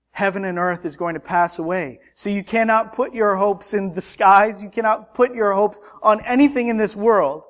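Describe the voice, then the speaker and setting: Male preacher, high voice, slow deliberate delivery, fervent sermon. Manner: impassioned, rhetorical, swings between loud emphasis and hushed lines.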